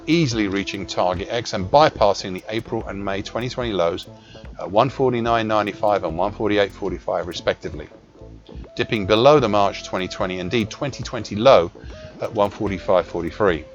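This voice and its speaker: A man reading scripted market commentary as an analyst, measured and precise, with small self-corrections. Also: lowish voice. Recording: dull lo-fi recording with faint music.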